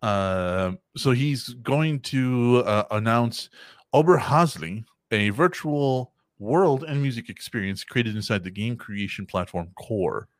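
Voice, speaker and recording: Male podcast host, lively pitch, swears freely, dry close sound. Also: slow, dry recording. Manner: laughing, profane, animated storytelling. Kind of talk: casual chat.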